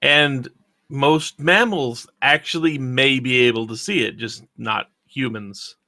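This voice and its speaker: A man's voice: mid-range voice, slow pace, sharp tone, no room sound, studio quality. A man playing in a tabletop game, explaining things in a matter-of-fact way. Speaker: player.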